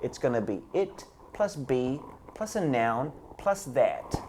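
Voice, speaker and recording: Lively man teaching English grammar. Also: mid-range voice, takes it slowly, a little hiss or hum. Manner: explains step by step, often says "guys". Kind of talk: online grammar lesson.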